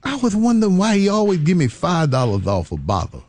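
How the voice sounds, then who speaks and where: Animated man telling a story. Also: high-pitched, a little fast, no echo. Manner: animated, breaks into laughter, drawling Southern vernacular. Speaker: storyteller in a two-person chat. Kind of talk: casual comic storytelling.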